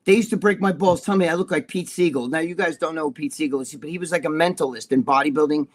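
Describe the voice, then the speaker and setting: A man's voice: a little high, quick pace. An older man with a New Jersey accent, co-hosting a casual live show, telling rambling, profane stories. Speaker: co-host. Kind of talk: casual livestream chat.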